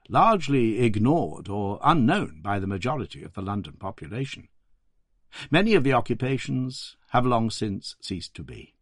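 A man giving scripted documentary narration in a measured, storytelling delivery. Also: fairly low pitch, slightly rough, no room sound, clean studio sound.

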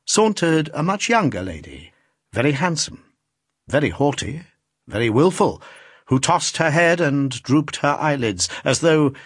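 A man narrating a classic novel as an audiobook, reading in an expressive, theatrical manner. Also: mid-range voice, slightly rough, no room sound, clean studio sound.

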